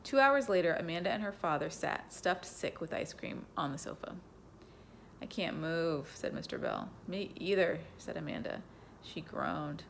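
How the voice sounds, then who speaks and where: Gravelly woman reading a bedtime story. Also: low voice, very animated, normal speed, slight background noise. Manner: gentle, casual asides. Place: home.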